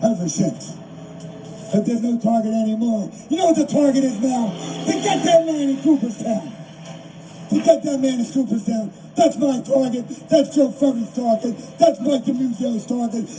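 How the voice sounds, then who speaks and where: Older man, high dark voice, emotional rally speech, distant mic, faint noise. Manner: emotional, repetitive, raises voice. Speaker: rally speaker. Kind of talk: impassioned outdoor rally speech. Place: outdoor rally.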